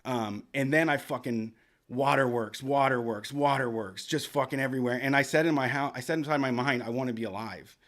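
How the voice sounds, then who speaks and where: A man's voice: medium pitch, steady tone, a little fast, fairly bright tone. A man hosting a radio show, telling a long story in a rambling, profane, casual way. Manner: profane, rambling, with lots of restarts. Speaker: podcast host.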